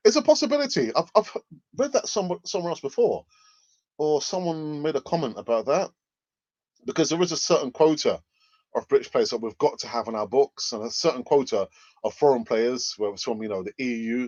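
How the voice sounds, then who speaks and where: A man's voice: mid-range voice, animated, a little fast, a little mellow, no room sound, lo-fi sound. A man hosting a live fan stream, reading viewer comments aloud in a rambling, hesitant way with frequent restarts and chuckles. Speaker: fan channel host.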